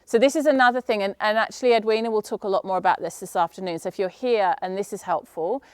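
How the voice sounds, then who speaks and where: A middle-aged woman coaching yoga teachers at a live conference, chatty and lively, with many rhetorical questions and a habit of saying "right?". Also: mid-range voice, fast, clear, resonant tone, dry recording, studio quality. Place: conference room.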